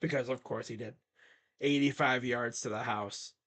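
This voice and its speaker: A man's voice: mid-range voice, fairly even intonation, normal speed, fairly bright tone. A young man casually recapping football stats and picks, chatty with mocking asides. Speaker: sports picks host.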